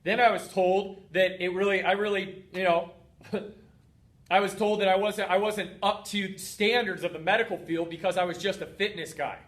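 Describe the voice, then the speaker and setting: A man's voice: high voice, steady tone, moderate pace, fairly bright tone. A man hosting a heartfelt motivational talk as a fitness coach, earnest and emphatic, stacking up repeated phrases.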